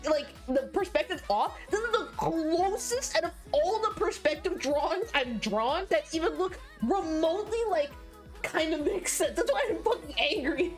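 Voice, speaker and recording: High-voiced young woman ranting while streaming. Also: normal speed, faint music behind. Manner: rambling, filler-heavy, profane and animated. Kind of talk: casual livestream chat while drawing.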